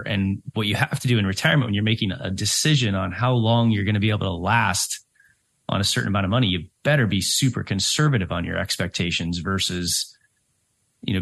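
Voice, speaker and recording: A middle-aged financial planner co-hosting a radio money show. He has a somewhat low male voice. He explains step by step, with frequent ums and "right?" tag questions. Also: a bit bright.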